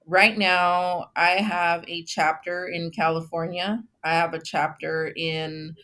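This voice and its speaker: A woman from Texas, founder of a memorial, telling her story earnestly in a casual interview with many pauses. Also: fairly low pitch, little pitch movement, a bit bright.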